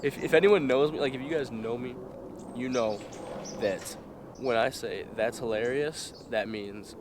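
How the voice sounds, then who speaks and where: A man's voice: medium pitch, measured pace, background noise. A young man vlogger telling a story to his viewers in a casual, exasperated and profane way.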